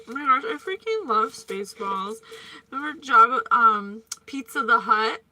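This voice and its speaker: A woman's voice: on the high side, animated, normal speed, sharp tone, slight background noise. A woman giving a chatty psychic reading, playful and prone to tangents. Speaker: psychic reader. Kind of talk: casual psychic reading monologue.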